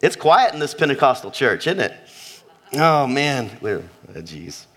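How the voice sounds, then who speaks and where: In a church sanctuary, a male pastor preaches a sermon in a medium-pitched, slightly bright voice with a sing-song lilt and measured pace. He is emphatic, repeating phrases and posing questions to the congregation.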